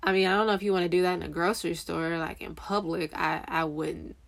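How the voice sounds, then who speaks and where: A young woman talks about faith in a loose, earnest way, stopping to fix her words and filling gaps with "you know." Her voice sits a little low for a woman, and she leans warmly into her points. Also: flat delivery, quick pace, gravelly. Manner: earnest, rambling, self-correcting with fillers. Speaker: Christian encourager speaking to waiting spouses. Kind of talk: casual faith talk.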